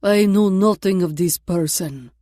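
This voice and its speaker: A woman voicing a young male Russian ballet dancer who speaks slowly with a thick Russian accent. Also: on the high side, animated, mellow, no echo, clean studio sound. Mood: curt. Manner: heavy accent, slow and guarded.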